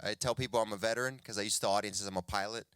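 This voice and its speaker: A man's voice: fairly low pitch, steady tone, very fast, fairly bright tone, clear, resonant tone, no echo, studio quality. A middle-aged man born in Cuba, performing a stand-up comedy set and acting out other people's voices.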